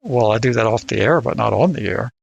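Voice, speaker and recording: Older guy on a podcast, raspy fry in his voice, dry close sound, keeps restarting his sentences. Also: medium pitch, expressive, dry recording, highs cut off. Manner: halting, repeats words when starting sentences. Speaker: podcast co-host. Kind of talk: casual podcast discussion.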